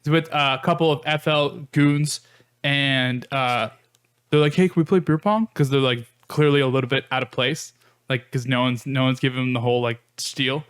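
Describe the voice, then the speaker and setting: A man's voice: medium pitch, flat delivery, moderate pace, a bit bright, clear, resonant tone. A man co-hosting a podcast, telling a rambling story with many fillers in casual chat. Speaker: podcast co-host.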